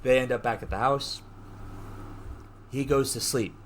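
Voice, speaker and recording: A man hosting a podcast, retelling a story in a casual, animated way, full of slang and swearing. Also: medium pitch, unhurried, slight background noise. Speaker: podcast host. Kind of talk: casual chat.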